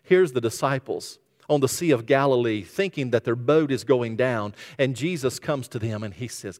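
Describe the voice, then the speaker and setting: A man preaching a sermon as pastor, telling stories and dropping to a hushed voice when he quotes. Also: medium pitch, moderate pace, hardly any pauses. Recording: reverberant hall.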